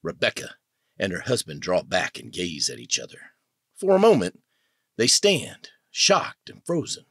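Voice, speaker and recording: A man narrating an audiobook in a dramatic, expressive way. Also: sits low, measured pace, slightly rough, no echo, clean studio sound. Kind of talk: scripted narration.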